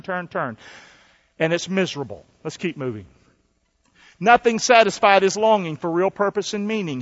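A man's voice: high voice, a bit bright, dull audio. A male pastor preaching a sermon and calling for responses from the congregation.

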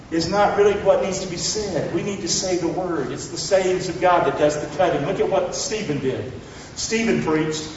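Man, pastor, fiery sermon, loud then hushed, boomy hall reverb, dull recording. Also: a little hiss or hum. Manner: blunt, rousing, swings from loud to hushed. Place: large church hall. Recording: echoey hall, distant mic, dull sound.

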